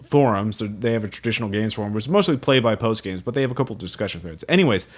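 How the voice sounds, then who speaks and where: A man co-hosting a casual tabletop gaming podcast, relaxed and chuckling as he shares game quotes and reads forum stories aloud. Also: on the low side, rapid-fire. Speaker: podcast co-host.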